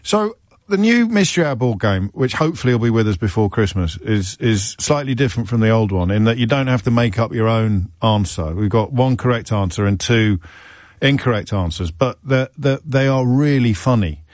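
A man's voice: mid-range voice, animated, moderate pace, darkish tone, no echo, clean studio sound. A man hosting a live radio phone-in, chatty and wry, thinking aloud with frequent restarts.

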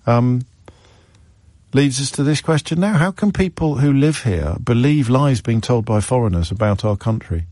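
A man hosts a radio phone-in from a dry, close-miked studio. His voice swoops up and down as he talks. He sounds sardonic and animated. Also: medium pitch, no echo. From England. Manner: animated, sardonic, acts out imagined callers.

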